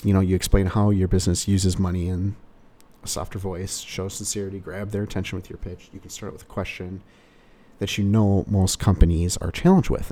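A man's voice: low-pitched, mellow. A male car salesperson giving casual sales advice in a rambling way, full of "you know" fillers.

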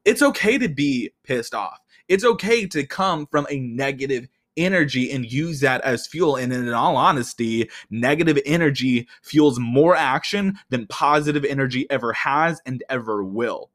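Hyped-up man hosting a solo podcast. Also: mid-range voice. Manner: energetic, excitable, swears freely. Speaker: podcast host. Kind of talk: casual solo podcast talk.

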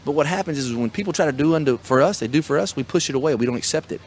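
A man's voice: a little high, expressive, racing, a little hiss or hum. A middle-aged man hosting a podcast as a small business coach, talking in an enthusiastic, motivational way. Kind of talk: casual chat.

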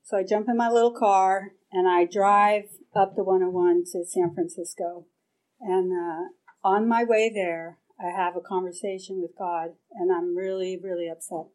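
At a recovery meeting in a meeting hall, a middle-aged woman candidly tells her story, swearing and acting out how she used to react. She speaks at normal speed with a medium, darkish voice and fairly even intonation, on a low-quality recording.

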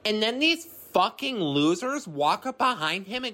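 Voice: medium pitch, big pitch swings, moderate pace, hardly any pauses, fairly bright tone. A podcast host giving a casual film recap, rambling with lots of fillers and swearing freely.

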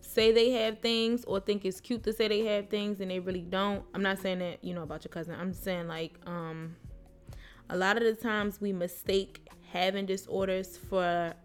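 A woman co-hosting a podcast talks casually, with a mid-range voice. She is relaxed, nodding along before adding her own point. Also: mid-range voice, normal speed, faint music behind. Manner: relaxed, reacts with short agreements. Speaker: podcast co-host. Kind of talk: casual chat.

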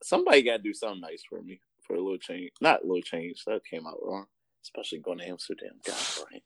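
Animated, laughing male podcast host. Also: low-pitched, fast talker, creaky, breathy edge, no room sound. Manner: animated storytelling, laughs often, does voices in anecdotes. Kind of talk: casual podcast chat.

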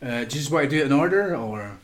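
A man's voice: mid-range voice, expressive, fast talker, crowd noise. A young man co-hosting a casual podcast chat, telling stories in a hyper, laughing way with plenty of swearing. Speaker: podcast co-host.

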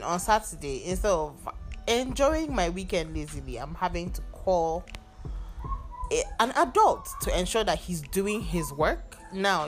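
Nigerian woman ranting on her podcast, lowish voice that jumps all over, swears a lot. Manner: exasperated, animated storytelling with swearing. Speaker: podcast host. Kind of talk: casual solo venting monologue.

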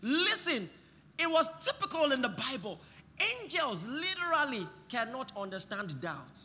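A man preaching a sermon, impassioned, breaking into shouts and having the congregation repeat lines after him. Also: very high voice, very animated, normal speed, big-room sound, a little hiss or hum.

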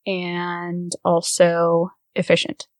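A woman's voice: fairly low pitch, monotone, very slow, no echo, clean studio sound. A woman playing in a tabletop game, talking casually and playfully. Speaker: player. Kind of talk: tabletop role-play chat.

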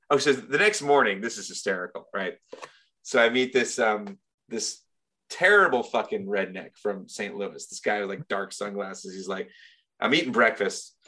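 A man recounting a story in casual podcast talk, bright and forceful in tone. He rambles and swears freely, with an animated push to his delivery. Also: on the low side.

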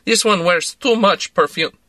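A man voicing a blunt, businesslike woman producer who speaks flat, clipped broken English. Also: sits high, unhurried, no echo, voice pushed up. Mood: curious.

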